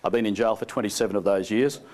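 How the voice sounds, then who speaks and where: A man voicing a hardened male ex-convict who gives flat, clipped answers. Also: on the low side, fast, voice pushed down, close to an everyday voice.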